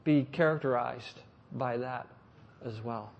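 A man's voice: medium pitch, slow, vocal fry, dull audio, slight background noise. Earnest man preaching in an echoing hall. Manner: earnest, rising to emphatic phrases then dropping soft. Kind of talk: sermon reading and expounding scripture. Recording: echoey hall with long reverb.

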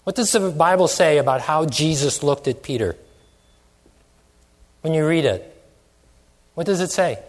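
Slow, measured preacher in echoing hall. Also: male voice, on the high side, animated. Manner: questioning, drawn-out emphatic phrases. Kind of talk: sermon. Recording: long hall reverb.

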